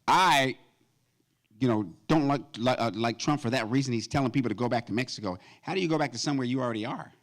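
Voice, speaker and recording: A man in his fifties performing a stand-up comedy routine at a gala, animated and breaking into high falsetto song snippets. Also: fast. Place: event stage before a live audience.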